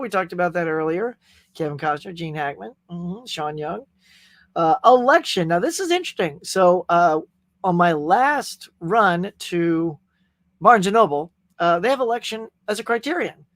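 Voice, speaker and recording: A man's voice: high voice, fairly bright tone, dry recording. A man hosting a casual live stream, chatting energetically and greeting viewers by name. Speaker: host. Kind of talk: casual livestream chat.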